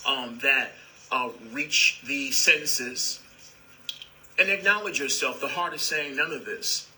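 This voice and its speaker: A man gives a spiritual talk in a very bright, sharp-edged voice that sits a bit high. He is calm and repetitive, and he calls his listeners "beloved" as he teaches. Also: poor audio.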